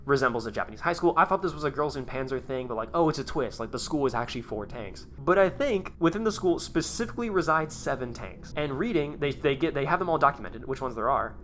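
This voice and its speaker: A man hosting his own video, reading aloud and commenting in a rambling, excitable way, chuckling often. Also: medium pitch, fast talker, hardly any pauses, slight background noise. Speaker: YouTube host.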